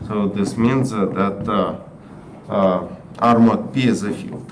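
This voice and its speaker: A man with a Russian accent giving a university math lecture in a halting way, filling his pauses with uh. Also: fairly low pitch. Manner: halting, frequent uh fillers, switches to Russian with students. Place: lecture hall. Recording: roomy echoey classroom, mic from far off, faint noise.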